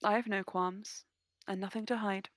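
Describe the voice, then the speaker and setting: A woman's voice: medium pitch, steady tone, moderate pace, dry recording, close to an everyday voice. A woman voicing a confident fey woman in a tabletop game, plain and firm.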